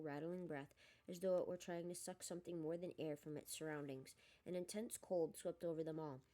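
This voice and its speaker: A woman reading a novel aloud in a steady storytelling manner. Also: on the low side. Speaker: audiobook reader. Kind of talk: storybook narration.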